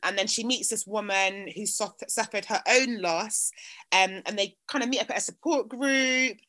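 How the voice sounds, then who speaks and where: A woman co-hosting a podcast, chatty and animated, jumping up in pitch when she stresses a point. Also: moderate pace. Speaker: podcast co-host. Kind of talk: casual chat.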